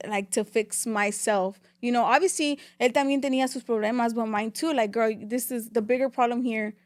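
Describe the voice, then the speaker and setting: A young woman guest on a podcast rattles through her story very quickly, animated and switching freely between English and Spanish. Her voice sits a little high, and the recording is close and dry with no room sound.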